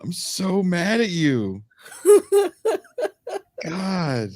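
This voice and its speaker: A man hosting a podcast, joking and laughing through casual comedic chat. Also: medium pitch. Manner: joking, animated, quick to laugh. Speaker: podcast host.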